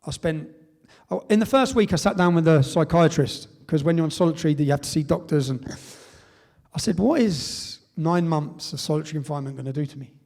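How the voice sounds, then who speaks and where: A man's voice: a little high, fairly quick, vocal fry, darkish tone. A middle-aged English man from Britain giving a live speech, telling his story emphatically and often tagging sentences with "yeah?". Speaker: public speaker. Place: event hall.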